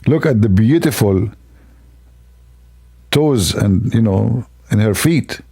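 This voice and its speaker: Gravelly man mocking on a livestream. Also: fairly low pitch, lively intonation, slow pace, mellow. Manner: sarcastic, rambling, mock-admiring. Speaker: livestream host.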